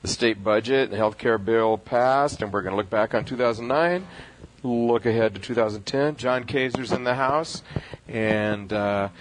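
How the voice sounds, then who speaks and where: A man's voice: mid-range voice, moderate pace, slight background noise, low-quality recording. A middle-aged man hosting a radio talk show, chatting casually with many fillers and easy laughs. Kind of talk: casual chat. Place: restaurant.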